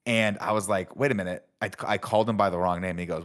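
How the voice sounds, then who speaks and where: Man, podcast co-host, casual chat, low voice, fast talker, jokey. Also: fairly even intonation, fairly bright tone. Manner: quick, chatty, jokey asides.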